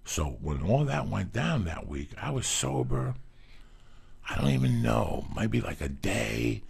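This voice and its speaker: A man telling personal stories in a casual talk, animated and profane, acting out what people said. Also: on the low side, unhurried, creaky, husky. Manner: profane, animated storytelling, acts out quotes. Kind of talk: casual storytelling chat.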